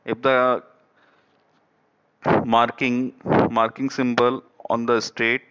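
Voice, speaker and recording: A man with an Indian English accent giving an online engineering lecture, halting and repeating phrases, often saying "okay". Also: mid-range voice, level tone, a bit bright, clean tone. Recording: dull lo-fi recording.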